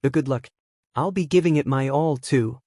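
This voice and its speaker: A man's voice: mid-range voice, normal speed, mellow, dry recording, clean studio sound, lightly acted. A man reading a fan story, voicing an awkward, tired teenage boy who speaks bluntly.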